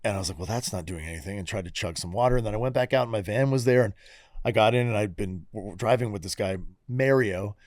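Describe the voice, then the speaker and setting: Speaking fast in a slightly mellow voice on the low side, a man in his forties co-hosts a podcast and swears freely while telling candid personal anecdotes in casual chat. The audio is dry and clean, studio-grade.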